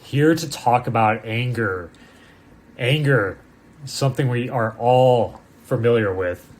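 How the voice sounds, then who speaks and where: A man, a priest co-hosting a casual podcast, who jokes and teases and cuts in with quick asides, with faint music behind him. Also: mid-range voice. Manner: joking, teasing, interrupts with quick asides. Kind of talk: casual chat.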